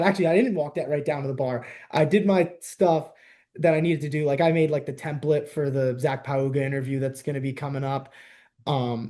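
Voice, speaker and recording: A young man from the New Jersey–New York area, hosting a podcast in casual, animated chat and laughing often. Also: medium pitch. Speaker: podcast host.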